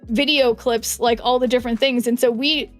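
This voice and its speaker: A young woman with a higher voice chats casually on a live stream, rambling between fillers and restarts. Faint music plays underneath her talk. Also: steady tone, moderate pace. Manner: chatty and rambling, many fillers and self-corrections. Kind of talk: casual chat while gaming, reading chat aloud.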